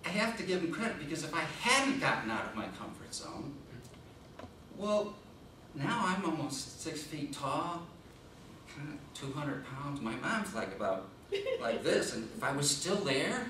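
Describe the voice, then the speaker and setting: Animated man telling a comic story. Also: on the high side, unhurried. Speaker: contest speaker. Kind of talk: humorous speech. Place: meeting room. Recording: echoey room, distant mic, noise.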